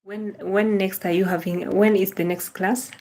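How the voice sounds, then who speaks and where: A woman's voice: medium pitch, fairly even intonation, moderate pace, warm tone. A young Kenyan woman hosting a casual livestream, greeting viewers by name and gushing praise and thanks, repeating her phrases. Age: young adult. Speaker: livestream host.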